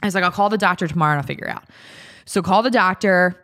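This is a woman in her thirties with a notably low-pitched voice, chatting casually as a podcast co-host. She rambles through a personal story, leaning on "like" and slipping into quoted dialogue. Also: very fast, a bit bright. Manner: chatty, many fillers, acts out quotes.

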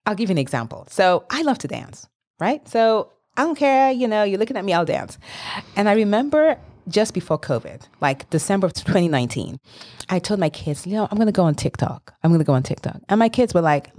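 Lively, expressive woman in her fifties. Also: mid-range voice, quick pace. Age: 50s. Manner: enthusiastic, emphatic, laughs often. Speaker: life coach and author. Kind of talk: interview guest, motivational talk.

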